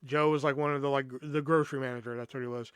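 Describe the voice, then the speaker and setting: A man's voice: medium pitch, steady tone, very fast, clean tone, dry recording. A young man hosting a podcast, telling a work story in a casual, profane way and acting out the quoted dialogue. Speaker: podcast host.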